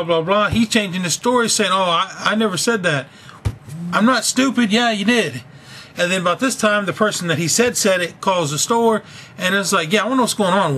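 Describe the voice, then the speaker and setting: A man's voice: fairly high pitch, sharp tone, slight background noise. A young man venting on a video blog, talking angrily and profanely about being fired. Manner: angry, ranting, profane. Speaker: video blogger. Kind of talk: casual venting vlog.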